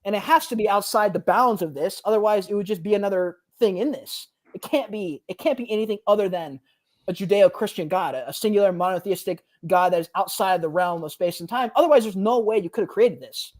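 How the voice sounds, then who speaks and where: A man in his twenties co-hosts a podcast, sharing a personal story in a loose, animated style packed with slang like "bro" and "like." His voice is high and his pace brisk.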